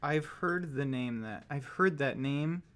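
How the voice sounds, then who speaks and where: A man's voice: on the high side, measured pace, fairly bright tone. A man from the American Midwest, co-hosting a painting livestream in a casual chat, laughing often and joking. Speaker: co-host of a painting stream.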